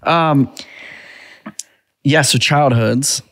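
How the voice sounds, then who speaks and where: A man in his thirties hosting a podcast, chatting casually and acting out quotes in a raised, lively voice. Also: mid-range voice, extremely slow, no echo, clean studio sound. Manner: animated storyteller, acts out quotes in a raised voice. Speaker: podcast host. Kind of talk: casual chat.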